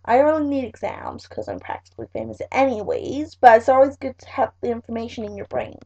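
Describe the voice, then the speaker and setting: A woman's voice: fairly high pitch, huge pitch swings, fast, mellow, breathy edge. A teenage girl, chatting through school revision notes in a rambling vlog, full of fillers. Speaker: vlogger. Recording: dull lo-fi webcam audio.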